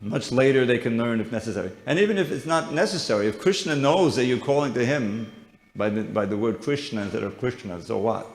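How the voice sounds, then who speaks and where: A man's voice: medium pitch, expressive, a little fast. Man giving a chatty lecture in an echoey hall. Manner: conversational, joking asides, frequent restarts. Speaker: guest teacher at a seminar. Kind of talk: informal devotional lecture. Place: temple hall with audience.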